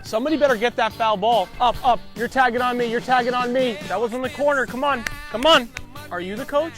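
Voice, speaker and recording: A man playing a loud heckling baseball dad. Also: very high-pitched. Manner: yelling, bossy, rapid-fire sideline heckling. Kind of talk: comedy sketch clip. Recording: background music under the clip.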